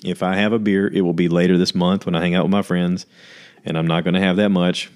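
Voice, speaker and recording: A man's voice: low-pitched, little pitch movement, fast talker, darkish tone. A man hosting his own podcast, talking candidly and a little rambling in a self-deprecating, casual way. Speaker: podcast host. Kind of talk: casual solo podcast monologue.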